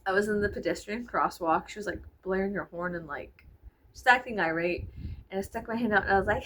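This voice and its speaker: Filming in her bedroom beneath a ceiling fan, this vlogger uses only the camera's built-in microphone, giving a rough recording with slight background noise. Her medium-pitched, fairly bright voice moves briskly as she chats and wanders off topic, leaning heavily on "like" and laughing frequently.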